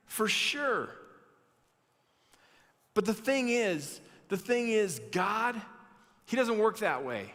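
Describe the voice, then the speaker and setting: Lively bright-voiced young male youth pastor. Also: sits high, takes it slowly, long pauses, big-room sound. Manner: animated, acts out the story with shouted quotes. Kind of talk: youth sermon with Bible reading.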